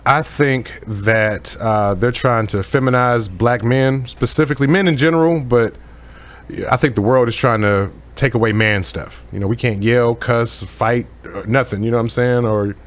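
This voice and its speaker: A man's voice: medium pitch, moderate pace. A man chatting casually on a podcast, joking and laughing often. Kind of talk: casual chat. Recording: faint room ambience.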